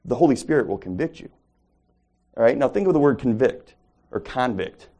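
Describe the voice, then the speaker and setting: A man with a warm, mellow voice teaches a small Bible study group. His delivery is conversational and relaxed, often pausing to ask his listeners questions and restating his words mid-sentence. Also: medium pitch. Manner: conversational, asks the group questions, self-corrections.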